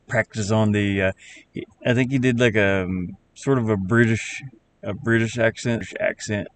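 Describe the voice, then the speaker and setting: A man with a Southern accent chatting casually on a live stream while he builds a game, rambling in halting, self-correcting bits. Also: fairly low pitch, fairly even intonation. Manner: rambling, halting, restarts words.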